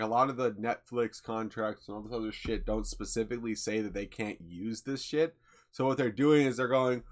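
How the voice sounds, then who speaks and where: A young man hosting a livestream, chatting casually in a rambling, laid-back way with lots of fillers and swearing. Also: medium pitch. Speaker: livestream host.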